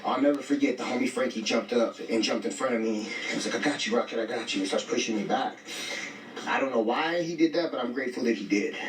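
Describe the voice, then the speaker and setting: A man's voice: mid-range voice, fast. A man telling a story in casual street slang, bluntly quoting himself and others as he goes. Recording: echoey, distant, faint music.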